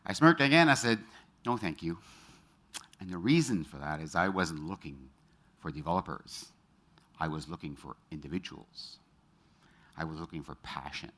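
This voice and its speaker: A man's voice: sits low, animated, fairly bright tone. A middle-aged man giving a motivational talk on stage, quizzing the audience and telling personal stories. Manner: engages the audience with quick show-of-hands questions; storytelling, personal anecdotes. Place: stage in front of a live audience.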